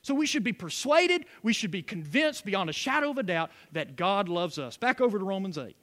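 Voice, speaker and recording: A man preaching to his congregation in a high, bright voice that leaps up and down. He drops in call-and-response asides as he goes. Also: big pitch swings, fairly quick. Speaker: pastor. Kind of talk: sermon.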